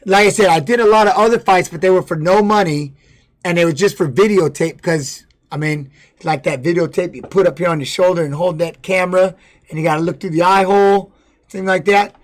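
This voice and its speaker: A man's voice: high voice, a little fast. Blunt, profane middle-aged man streaming. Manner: blunt, profane, with many restarts and "you know what I mean". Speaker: former fighter streaming to viewers. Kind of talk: casual livestream storytelling.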